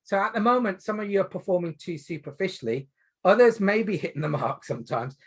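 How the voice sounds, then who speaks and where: A man teaching a medical exam webinar, emphatic and lively, asking the audience rhetorical questions. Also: sits high, fast, husky. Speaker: GP trainer.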